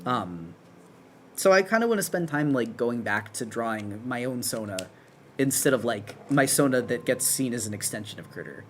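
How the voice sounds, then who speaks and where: A man of ordinary, middle pitch talks casually on a live stream while he draws. He rambles and corrects himself as he goes, chatty and loose. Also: expressive, normal speed, fairly bright tone, a little hiss or hum. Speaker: streamer and artist.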